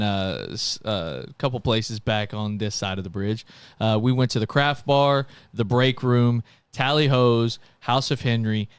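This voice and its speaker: A man hosting a live podcast, easygoing and quick to laugh as he steers the talk. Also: medium pitch, smooth, dry recording. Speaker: podcast host. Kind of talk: casual live podcast chat.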